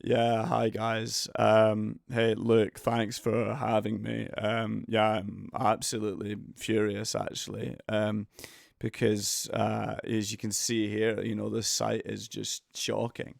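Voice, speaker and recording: A man doing an impression of a grumbling adult male sports star, speaking in a flat, low, deadpan monotone with a gravelly fry. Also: slow, no room sound, studio quality, full character voice. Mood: deadpan furious. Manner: deadpan complaining.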